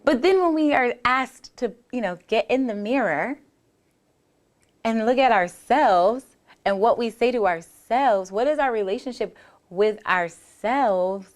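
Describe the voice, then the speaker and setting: A bodywork therapist hosts a podcast, talking alone in an earnest, reflective way and acting out the voices people hear in their heads. Her voice sits on the high side, with lively intonation and an unhurried pace, and she restarts her sentences often.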